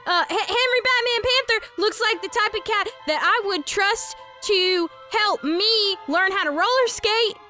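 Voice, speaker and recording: A woman hosting a comedic pet segment in a deadpan, mock-serious manner. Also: very high voice, a little slow, hardly any pauses, over music. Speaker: host.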